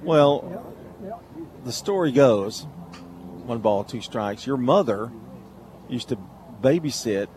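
A man calling a high school baseball game on radio, chatty and joking between pitches. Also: animated, takes it slowly, long pauses, darkish tone, slight background noise. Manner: chatty, jokey, tells stories between pitches. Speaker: play-by-play announcer.

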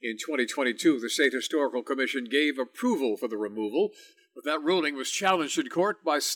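A man reading local news on the radio in a steady, even delivery. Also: medium pitch. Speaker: radio newsreader.

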